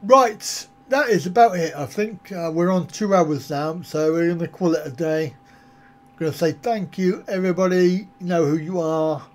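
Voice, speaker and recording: A man's voice: fairly high pitch, moderate pace, darkish tone. A man hosting a travel vlog live stream, chatting with viewers in a jokey, rambling, easygoing way.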